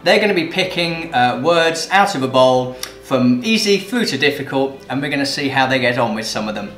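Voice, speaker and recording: A man's voice: mid-range voice, expressive, brisk, fairly bright tone. A man hosting a wine channel, presenting a pronunciation quiz in an upbeat, jokey way. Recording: roomy sound with light music.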